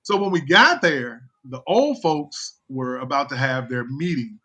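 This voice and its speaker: A man's voice: mid-range voice, lively intonation, measured pace, pushed and bright, slightly rough. A man on a video call telling a funny family story, chuckling often, full of fillers, and mimicking his relatives. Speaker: guest storyteller.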